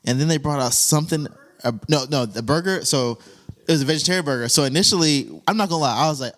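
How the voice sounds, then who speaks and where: A man's voice: mid-range voice, fast talker. A young man hosting a casual chat, telling stories with lots of laughter. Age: young adult. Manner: animated storyteller, laughs often, goes on tangents. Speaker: podcast host.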